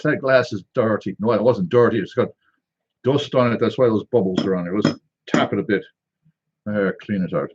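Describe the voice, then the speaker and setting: A man's voice: lowish voice, moderate pace, husky, dull audio. A man hosting a casual tasting video, reading a can label aloud and joking to himself in a rambling, wry way. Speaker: drink reviewer.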